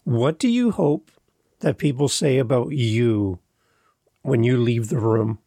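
A man's voice: medium pitch, takes it slowly, warm tone, no room sound, clean studio sound. A man hosting a podcast, chatting casually in a friendly, rambling way with self-deprecating humor. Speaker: podcast host.

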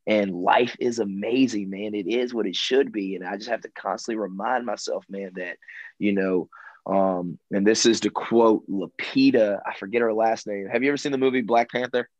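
Chill guy with a low voice, says bro and man a lot, kinda muffled dry audio. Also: fairly even intonation, normal speed, darkish tone, no echo. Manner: laid-back, keeps saying man and bro, repeats himself. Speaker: guest. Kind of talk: casual conversation.

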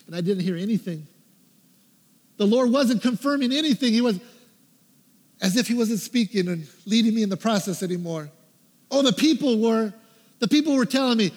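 A man with a high, bright-sounding voice preaches a storytelling sermon, acting out his own prayers and quoting the people he met. His voice rings out with a long reverb, as if he is filmed in a big hall. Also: fairly quick. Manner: animated, acts out his own prayers and quotes. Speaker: pastor.

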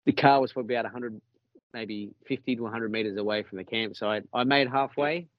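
An Australian man, a podcast guest, telling a story in a casual, animated way, swearing freely and laughing along. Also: medium pitch, fast, no echo. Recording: muffled lo-fi, dry.

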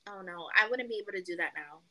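A young woman co-hosting a casual podcast, telling a long story with animated quoting and lots of "like". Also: mid-range voice, fast talker, rough recording. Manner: animated storytelling, acts out quotes, peppered with "like". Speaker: podcast co-host. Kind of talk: casual chat.

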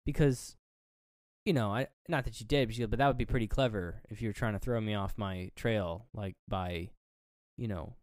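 A man's voice: moderate pace, no room sound, studio quality. A man co-hosting a podcast, casually recapping a movie scene by scene and acting out the characters' lines. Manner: animated retelling, acts out quotes with pitch jumps; loose and profane, lots of fillers. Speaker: podcast co-host.

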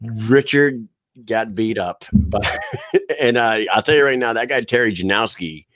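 A man co-hosting a casual podcast, relaxed, laughing often and restarting his sentences. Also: on the low side, unhurried, no echo. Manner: laid-back, laughing, stammering restarts. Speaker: podcast co-host. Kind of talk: casual chat.

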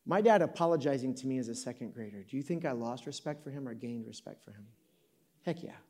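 A man's voice: mid-range voice, animated, fast, a little mellow. A man in his fifties from Michigan, preaching in a conversational way to a live audience in an auditorium, joking and correcting himself as he tells a story. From Michigan, USA. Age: 50s. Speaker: pastor.

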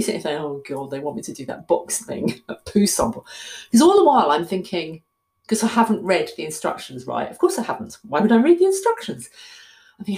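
A chatty woman, talking straight to her viewers. Her low voice swings widely, diving into quiet asides and jumping up into squeaky mock alarm. She laughs at herself often. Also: big pitch swings, normal speed. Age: 60s. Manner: chatty and self-mocking, laughing often, voice leaping high in mock panic. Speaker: vlogger. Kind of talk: casual storytelling monologue.

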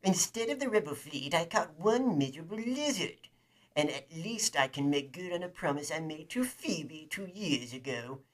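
Man voicing a pompous, gloating governor; somewhat higher and louder than his own voice. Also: lively intonation, normal speed. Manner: haughty, taunting. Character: plump pompous imperial governor, male, spiteful.

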